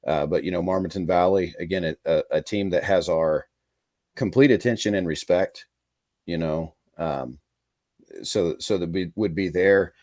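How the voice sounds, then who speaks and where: A man who coaches high school football, talking in a rambling, easygoing way with lots of fillers and restarts. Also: steady tone, normal speed, darkish tone, no room sound, studio quality. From Kansas. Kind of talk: casual podcast interview.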